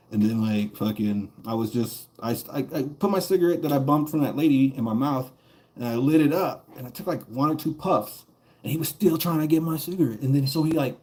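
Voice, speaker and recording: A man's voice: medium pitch, darkish tone. A man streaming a game while telling a story in a casual, profane, rambling way, laughing between lines.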